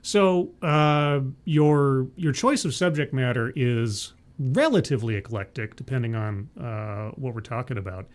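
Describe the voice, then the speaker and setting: A man hosting a live-streamed interview show, chatty and energetic, often correcting himself mid-sentence. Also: mid-range voice, a little slow, few pauses.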